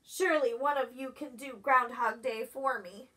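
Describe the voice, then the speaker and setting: A woman's voice: high-pitched, moderate pace, pushed and bright, distant mic. A woman voicing a sick male groundhog who is worried about letting everyone down, in a storybook reading. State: stuffy and sneezing.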